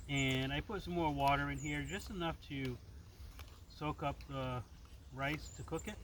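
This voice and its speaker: A man's voice: a little high, fairly bright tone, slight background noise, low-quality recording. A man vlogging outdoors by a waterfall in a forest, talking to viewers casually and with enthusiasm, calling them folks. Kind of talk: casual nature vlog, talking to camera. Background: running water.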